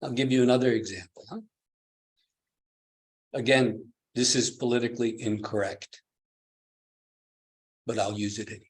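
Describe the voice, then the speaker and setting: A man's voice: mid-range voice, steady tone, moderate pace, long pauses. A man teaching at a meditation retreat, giving a dharma talk with frequent chuckles and questions to his listeners. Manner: chuckling, keeps asking the listeners "do you see?".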